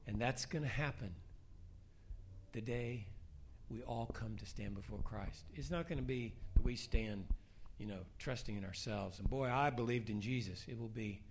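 A middle-aged man preaching a sermon, shifting between soft, hushed prayer lines and rising, emphatic questions. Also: medium pitch, normal speed.

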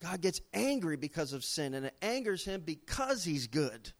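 A middle-aged man preaching a sermon, telling stories with dramatic swings in pitch and loudness. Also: very animated, moderate pace. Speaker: pastor.

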